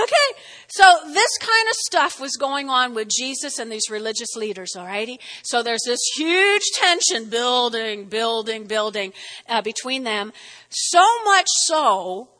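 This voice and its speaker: High bright-voiced lady preaching, animated and chatty, big echoey hall. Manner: animated, chatty, acts out quotes. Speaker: Bible teacher. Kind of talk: lively sermon.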